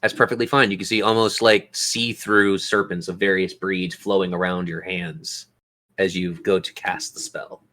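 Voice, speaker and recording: A man with a lowish voice runs a tabletop game as its game master. He is lively and encouraging and laughs easily along with his players, prompting each of them for their next move. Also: moderate pace.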